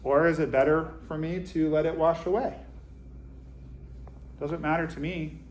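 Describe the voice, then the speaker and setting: A man's voice: fairly high pitch, fairly even intonation, normal speed, a little hiss or hum. A man giving an informal Zen Dharma talk to his group, conversational with dry self-deprecating humor. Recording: roomy echo.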